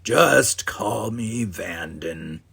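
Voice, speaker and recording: A man voicing a vain, smooth-talking male alien flirt who murmurs slowly and seductively. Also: lowish voice, lively intonation, fairly bright tone, exaggerated voice.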